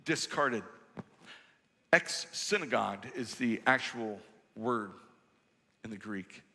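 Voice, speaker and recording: A male pastor preaching a sermon in a church sanctuary, measured and emphatic with rhetorical questions. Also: mid-range voice, bright, forceful tone, long reverb tail.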